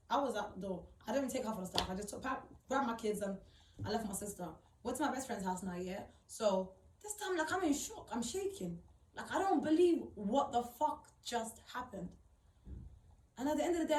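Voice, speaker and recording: A woman's voice: sits high, darkish tone. A young woman telling her own story in a blunt, emotional, slangy way, swearing often. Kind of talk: personal account, casual monologue. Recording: roomy, distant mic.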